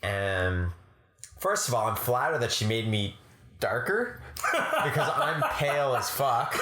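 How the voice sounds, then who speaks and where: A man's voice: medium pitch, expressive, unhurried, pushed and bright. A young man co-hosting a podcast, chatting casually with an easygoing, wry manner and frequent laughs. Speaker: podcast co-host. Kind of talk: casual chat. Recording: roomy echo.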